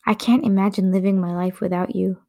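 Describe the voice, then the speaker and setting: A woman voicing a gentle, affectionate young man as he proposes to his partner. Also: medium pitch, steady tone, fairly quick, lightly acted. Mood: tender. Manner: gentle, tender.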